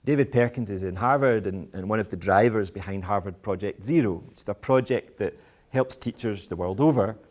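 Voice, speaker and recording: Brisk and barely pausing, a Scottish man speaks in a fairly low, slightly mellow voice. The education speaker addresses parents at a school event with a live audience, keeping his tone playful, provocative and self-deprecating.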